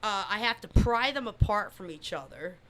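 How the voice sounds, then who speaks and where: Bright-voiced profane woman telling a story. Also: mid-range voice, lively intonation, normal speed. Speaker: new podcast co-host. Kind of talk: casual storytelling chat.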